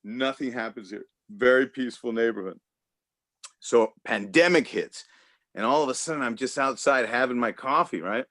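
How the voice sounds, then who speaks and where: Rambling stand-up man, dry home mic, video call, middle pitch. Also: normal speed, fairly bright tone, no echo. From Los Angeles. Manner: loose, rambling, laughs at own jokes. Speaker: stand-up comedian. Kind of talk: virtual stand-up set. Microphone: home computer mic on a video call.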